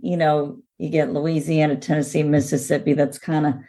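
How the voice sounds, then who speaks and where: A woman comedian from the Northeastern US with a mixed Philadelphia and Florida accent, chatting as a guest, animated and quick to laugh. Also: low voice. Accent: mix of Philadelphia and Florida. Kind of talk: casual interview chat.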